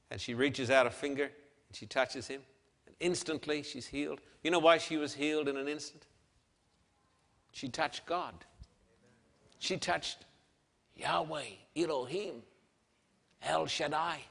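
Man, preacher, dramatic sermon, loud-to-hushed swings, bright voice, long hall reverb. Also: fairly high pitch, steady tone, measured pace, vocal fry, long pauses. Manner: emphatic, swings between loud declarations and hushed softness. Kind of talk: dramatic sermon with scripture reading.

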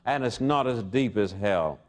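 A man's voice: fairly low pitch, expressive, measured pace, voice pushed down. A man preaching a sermon voices a stubborn little boy, firmly repeating his refusal. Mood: defiant. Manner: firm, defiant repetition.

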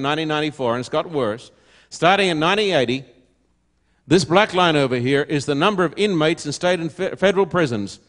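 A man's voice: fairly high pitch, fairly bright tone. An older man preaching a sermon to an audience, emphatic and full of rhetorical questions.

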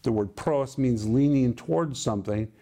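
A man teaching from the Bible in an emphatic, deliberate way. His voice sits at an ordinary middle pitch. He stresses key words as he explains the meaning of Greek terms. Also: mellow.

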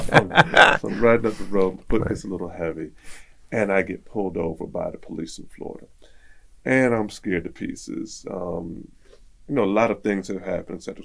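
A man's voice: sits low, gravelly. A man telling a personal story in casual conversation, acting out the voices of people in it. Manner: animated, acts out quoted dialogue.

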